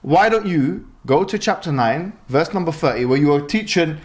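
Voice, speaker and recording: A man's voice: a little high, lively intonation, moderate pace. A man hosting a heated debate, pressing his points and repeating his demands. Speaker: debate host.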